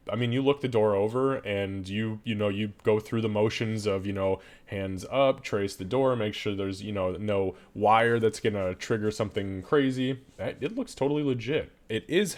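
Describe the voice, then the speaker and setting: A man narrating as game master of a tabletop game, casual and quick to laugh, swearing freely. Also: lowish voice, a little mellow.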